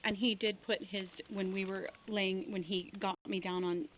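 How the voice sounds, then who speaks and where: A shaken, upset woman gives a halting spoken statement to a police officer outdoors by a road, with many restarts. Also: mid-range voice, flat delivery, fairly bright tone, slight background noise, low-quality recording. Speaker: person reporting an assault to police.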